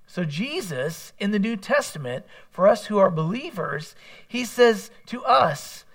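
A man's voice: high voice, very animated, measured pace, gravelly. A man preaching a sermon in a conversational way, mixing scripture with candid personal asides. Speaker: pastor.

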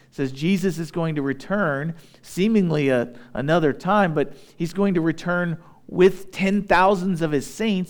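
A man preaching a sermon as a pastor, talking in a conversational way and checking in with his listeners. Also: fairly high pitch.

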